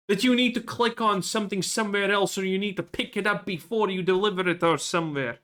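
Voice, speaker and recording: A man's voice: high-pitched, quick pace, few pauses, pushed and bright. A man giving ranting gameplay commentary, frustrated and profane. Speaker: gaming channel host.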